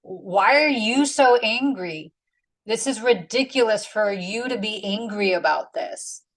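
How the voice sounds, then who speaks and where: A woman's voice: medium pitch, animated, measured pace, rough recording. A woman doing a scolding, incredulous God.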